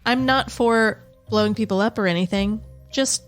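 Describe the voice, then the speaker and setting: A woman co-hosting a podcast, reacting quickly and teasing her partner in casual chat. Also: a little high, soft background music. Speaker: podcast co-host.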